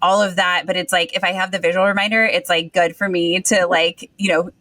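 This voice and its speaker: A woman interviewer with a fairly low voice chats casually and fills her speech with "like." She is recorded dry and a little far from the mic. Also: flat delivery, fairly quick, pushed and bright, no room sound. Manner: casual, many "like" fillers. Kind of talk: conversational interview.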